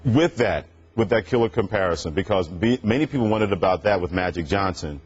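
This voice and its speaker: A man's voice: low voice, animated, brisk, slightly rough. A man co-hosting a sports debate podcast, making his points in a confident, punchy way. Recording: dull lo-fi podcast audio.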